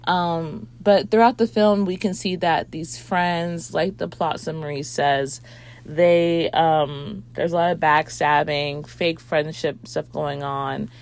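A woman's voice: low voice, steady tone, slow. A woman reviewing a movie in a rambling casual chat, with lots of fillers and swearing.

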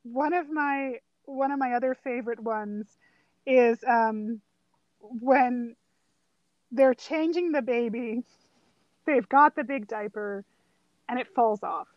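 Co-host, woman, high voice, dry close sound, giggly and enthusiastic. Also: takes it slowly, long pauses, dry recording, dull audio. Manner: giggly, enthusiastic retelling of scenes. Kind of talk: casual chat about a favorite movie.

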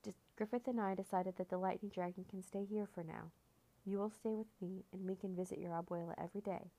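A woman voicing a calm grown-up male wizard in a storybook, speaking steadily and reassuringly. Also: mid-range voice, fairly quick, lightly acted.

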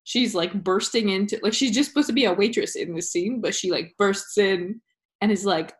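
A woman hosts a podcast in casual chat, speaking at medium pitch and a moderate pace. She rambles, laughs, interrupts herself, and jumps from one story to the next.

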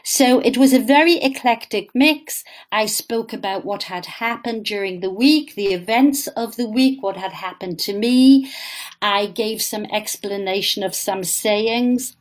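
A woman who teaches pronunciation, talking in a radio interview. She is chatty and explains clearly, speaking slowly in a fairly high voice.

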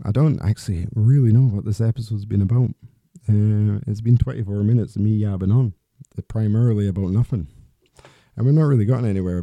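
A man's voice: fairly low pitch, warm tone, no room sound, studio quality. A man hosting a solo podcast, talking in a rambling, candid way with restarts and the odd swear word. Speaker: podcast host.

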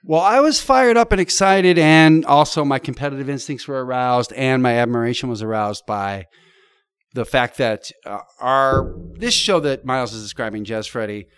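A man's voice: mid-range voice, normal speed, smooth, dry recording, clean studio sound. A middle-aged man, an improviser, telling a vivid, profane story in casual chat. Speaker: podcast guest.

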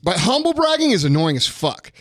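A man in his thirties vents on his podcast in a blunt, heavily profane rant, frustrated and fired up. His voice sits high for a man. The sound is close and dry. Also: big pitch swings, a little fast, dry recording. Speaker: podcast host. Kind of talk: casual ranting talk.

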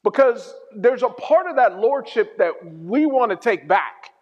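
Brief: pastor, man, very high voice, humorous story-led sermon, muffled lo-fi sound. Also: big pitch swings, a little slow. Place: church hall. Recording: dull sound in a reverberant hall.

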